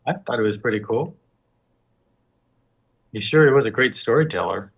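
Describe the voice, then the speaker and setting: A man's voice: medium pitch, animated, moderate pace, vocal fry, slightly rough, distant mic. A man teaching a live painting demonstration, talking loosely and joking while he works. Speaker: guest painting instructor.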